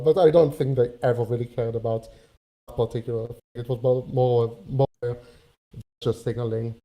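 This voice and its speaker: A man's voice: medium pitch, steady tone, normal speed, mellow, rough recording. A young man with a German accent, calling into a live stream and talking with many fillers and restarts. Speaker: caller. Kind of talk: casual call-in chat.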